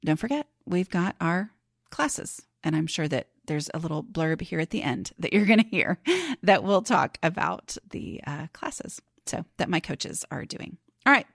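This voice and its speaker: A woman's voice: fairly low pitch, big pitch swings, a little slow, vocal fry, dry recording, studio quality. A woman hosting a podcast, chatting casually and laughing easily, saying "y'all" to her listeners. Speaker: podcast host.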